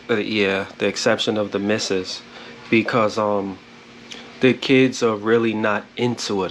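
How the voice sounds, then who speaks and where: A man hosting a casual home vlog, talking in a relaxed, rambling way with laid-back slang. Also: lowish voice, a little hiss or hum. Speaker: vlog host. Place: home indoors.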